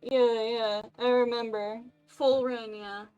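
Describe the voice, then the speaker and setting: A chatty young video game character catching up on a phone call, voiced by a woman. The talk is loud and upbeat, in a fairly high voice. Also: fairly even intonation, slow pace, clear, resonant tone, soft background music. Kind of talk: game voice acting.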